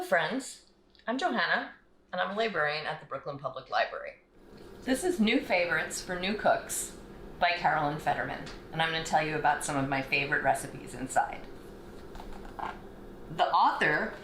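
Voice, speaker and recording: A woman librarian walks children through a cooking demonstration, one friendly step at a time. Her voice is low, but her pitch moves a lot as she talks. The room around her sounds roomy and echoey. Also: animated, normal speed, a bit bright, a little hiss or hum.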